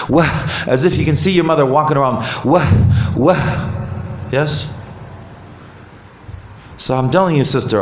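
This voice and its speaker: Man, mosque talk, animated, questions to audience, roomy hall, faint ambience. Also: a little high, slight background noise. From Canada. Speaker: visiting Islamic speaker. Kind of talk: lively mosque talk on marriage.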